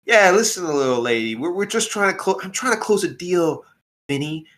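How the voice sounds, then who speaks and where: A squeaky, pushy little flump hustler, as a man puts him on in a tabletop game, all rude bluster and fast deal-making. The voice sits high above his own and comes out loud and grating. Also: very animated.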